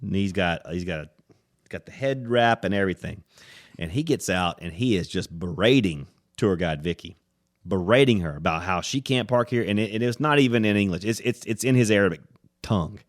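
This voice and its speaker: Animated male podcast host telling stories. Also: fairly quick. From United States. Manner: animated storyteller, acts out voices with loud high-pitched impressions. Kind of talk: casual storytelling chat.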